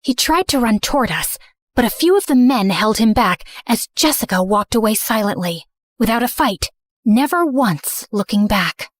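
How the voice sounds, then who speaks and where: A woman narrating in first person as a remorseful, misunderstood teenage girl, earnest and soft. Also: fairly high pitch, expressive, moderate pace, no echo, studio quality. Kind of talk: scripted story narration.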